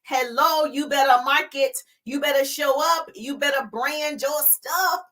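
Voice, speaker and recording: A middle-aged woman coaching entrepreneurs on a live stream, pushing hard with emphatic, hyped urging. Her voice sits high and rings bright. She keeps it chatty and breaks into laughter between points. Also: unhurried, rough recording. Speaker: business coach. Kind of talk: live-streamed motivational business talk.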